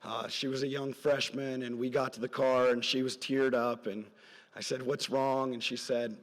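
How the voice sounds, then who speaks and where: A middle-aged man giving a parent's graduation speech as a story, earnest and rambling, his voice dropping soft at emotional moments. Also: mid-range voice, flat delivery, moderate pace. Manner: earnest, rambling with side stories, voice drops soft at emotional points. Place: large hall at a graduation ceremony. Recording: long hall reverb from a large venue.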